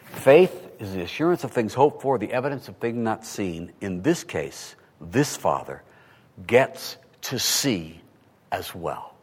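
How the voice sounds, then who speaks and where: Animated preacher in a reverberant hall. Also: male voice, fairly low pitch, a little slow, slightly rough. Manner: animated, rhetorical questions, swings from hushed to loud. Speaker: pastor. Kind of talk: sermon.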